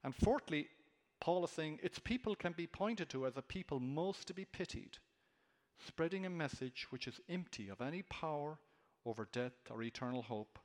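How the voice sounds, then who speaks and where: A man's voice: a little high, animated, normal speed, long reverb tail. A man preaching an expository sermon, earnest and emphatic, lifting his voice on key words.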